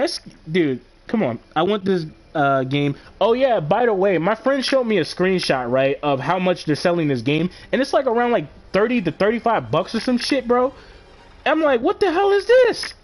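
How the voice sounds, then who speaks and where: A man ranting on a live stream, exasperated and profane, full of slang and repeated filler words. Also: fairly high pitch. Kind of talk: casual live stream rant.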